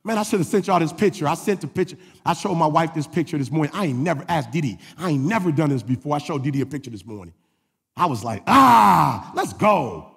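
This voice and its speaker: A gravelly, husky man preaches a sermon in a big hall, his voice ringing with long reverb. He swings from shouted exhortation to low, confiding asides. His voice sits fairly high for a man. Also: expressive, fast talker. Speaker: pastor.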